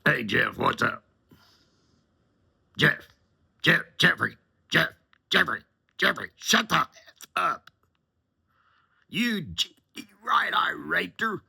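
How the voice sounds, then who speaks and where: Figure: a contemptuous, barking rich man in a limo, as a deep-voiced man puts him on; high, strained, husky edge. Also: expressive, measured pace, bright, forceful tone, full character voice. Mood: ranting, vulgar. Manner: barking, sneering, high-strung. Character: arrogant, foul-mouthed rich male passenger, contemptuous.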